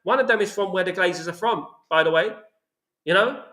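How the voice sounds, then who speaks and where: A man's voice: high voice, brisk, sharp tone, roomy sound. A man with a London accent hosting a football channel, ranting about his club in a passionate, repetitive way. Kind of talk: opinionated fan commentary.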